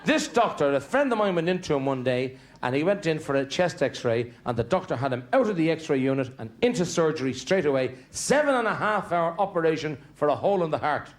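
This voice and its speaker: An Irish-accented stand-up comedian tells chatty, rambling family stories, digressing and stumbling through restarts for comic timing. His fairly high voice swings widely in pitch and moves briskly with hardly any pauses.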